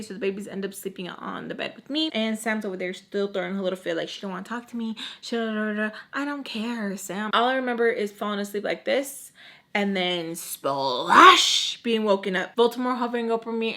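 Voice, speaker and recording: A woman casually telling a long personal story, acting out the quotes and dropping Spanish words, with frequent swearing and repeated phrases. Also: medium pitch. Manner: animated, acts out quotes, drops Spanish words. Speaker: storytime vlogger.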